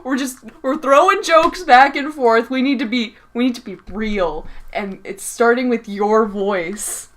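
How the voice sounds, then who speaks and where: A woman's voice: on the high side, unhurried, few pauses. A young woman co-hosting a podcast in casual chat, teasing and laughing often. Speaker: podcast co-host.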